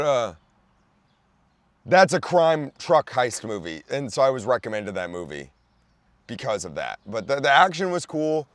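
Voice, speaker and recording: Rambling young man with a lively voice. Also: mid-range voice, no echo. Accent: Philadelphia. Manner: loose, rambling, lots of fillers and restarts, sudden loud outbursts. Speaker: podcast host. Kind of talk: rambling comedic movie rant.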